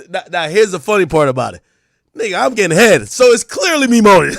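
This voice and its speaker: Streamer, male, high and very animated voice, profane and shouty, dry close sound. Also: quick pace, no echo. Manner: animated, profane, breaks into loud shouted outbursts. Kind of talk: casual comedic stream commentary.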